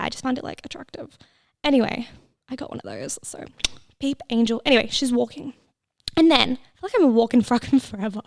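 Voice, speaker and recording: A woman's voice: a little high, no room sound, studio quality. A woman, hosting a casual solo podcast, chatty and laughing, swearing freely and sometimes dropping into whispers. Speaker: podcast host. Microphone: close mic with headphones listeners.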